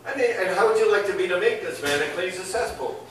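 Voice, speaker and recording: A man's voice: sits high, expressive, fast talker, a bit bright, a little hiss or hum. An older man performing open mic stand-up, rambling and laughing at his own jokes. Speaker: stand-up comedian. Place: comedy club. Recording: echoey club, far from mic, crowd. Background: audience laughter.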